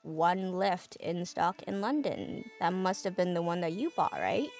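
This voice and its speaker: Composed, wealthy woman CEO, voiced by a female storyteller, unhurried and sly. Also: on the low side, sing-song, darkish tone, soft background music.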